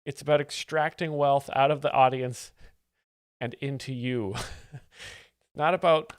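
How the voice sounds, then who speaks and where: A man hosts a live comedy stream, delivering his asides with a deadpan, ironic edge. His voice sits at an everyday middle pitch. The room around him is dry, with no echo. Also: unhurried. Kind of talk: satirical live-stream commentary.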